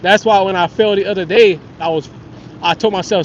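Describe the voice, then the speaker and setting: A man's voice: high-pitched, steady tone, fairly quick, slight background noise. A man, hosting a fishing livestream from a kayak and rambling through stories with frequent laughs. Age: 30s. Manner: rambling, laughs often, reads chat. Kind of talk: casual storytelling livestream. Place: outdoors on the water in a kayak. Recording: dull lo-fi outdoor stream audio.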